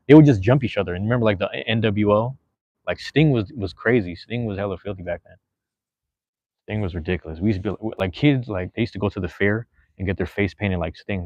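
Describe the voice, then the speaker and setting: With a fairly low pitch and a darkish tone, this man hosts a podcast and reads the live chat in a casual, rambling manner stuffed with slang and fillers. The audio is lo-fi, with no room sound.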